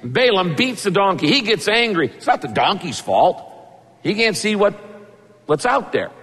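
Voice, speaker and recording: A man's voice: high voice, big pitch swings, moderate pace, fairly bright tone, breathy edge, big-room sound. A man preaching a conversational, emphatic sermon, retelling a story and pressing the point home. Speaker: pastor.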